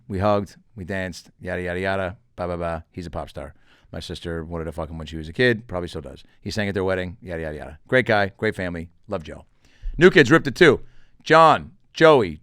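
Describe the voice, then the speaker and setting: A man's voice: on the low side, clear, resonant tone, no room sound, studio quality. A middle-aged man hosting a comedy podcast, telling stories in a loose, joking way and swearing casually. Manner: animated, joking, swearing, does quick voices for quotes. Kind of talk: casual solo podcast monologue.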